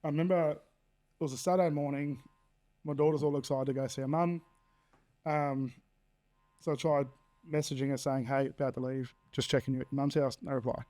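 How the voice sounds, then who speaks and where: A man in his thirties from Australia tells his story candidly and bluntly as a podcast guest, swearing freely and acting out quoted dialogue. His dark-toned, mid-range voice moves fairly quickly with fairly even intonation and frequent pauses.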